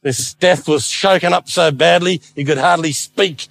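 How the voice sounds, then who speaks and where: A man preaching a sermon as a lively storyteller with playful asides. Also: a little high, normal speed, gravelly.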